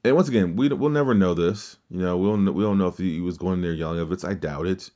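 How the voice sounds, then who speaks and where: A quick, warm, low voice carries this casual wrestling podcast, recorded with lo-fi sound. The host rambles on about his opinions, swears freely, keeps restarting his sentences, and mimics what others said.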